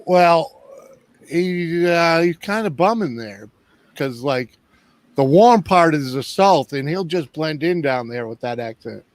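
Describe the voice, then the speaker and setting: A man's voice: fairly high pitch, expressive, slow pace, no echo. A man from the northeastern United States chatting casually on a stream, laid-back and full of fillers and laughs. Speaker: host's partner joining the stream. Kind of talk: casual chat.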